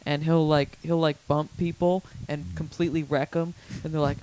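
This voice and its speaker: A man's voice: flat delivery, moderate pace, a little mellow, low-quality recording. A young man co-hosting a podcast in casual, joking chat, often acting out silly quotes. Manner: joking, acts out silly high-voiced quotes. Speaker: podcast co-host.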